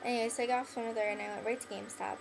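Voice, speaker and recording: A woman's voice: a little high, fairly even intonation, rapid-fire, creaky, music in the background, rough recording. A young woman talking straight to camera in a rambling, filler-heavy way, with "like" in nearly every phrase, blunt and bitter toward the person she addresses. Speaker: vlogger addressing an ex-friend. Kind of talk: casual rambling monologue to camera.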